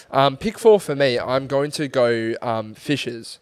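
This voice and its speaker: A man's voice: mid-range voice, takes it slowly, smooth, no room sound. Easygoing young man, dry sound. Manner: easygoing, joking, swears casually. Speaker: podcast co-host. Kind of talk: casual chat.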